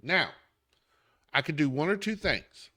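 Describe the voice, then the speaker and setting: Heated Southern man with a lively voice. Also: a little high, measured pace. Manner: emphatic, heated, talks straight at the listener. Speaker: podcast host. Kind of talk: political commentary rant.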